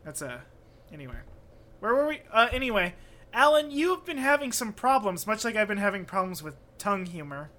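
High, bright-voiced giggly podcast host. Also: male voice, sing-song, a little fast. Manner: giggly, crude, jokey. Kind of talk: casual comedy chat.

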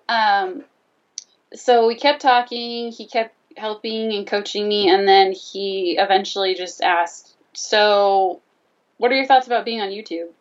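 A woman's voice: on the high side, far from the mic, highs cut off. A woman telling a personal story in casual conversation, animatedly acting out both sides of the dialogue. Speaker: guest telling her story.

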